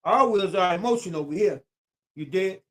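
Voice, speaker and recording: A man with a high, fairly bright voice and lively intonation speaks at a moderate pace on his own live stream. Over and over he repeats his phrases with preacher-like emphasis, speaking directly to viewers and now and then breaking off to greet them by name.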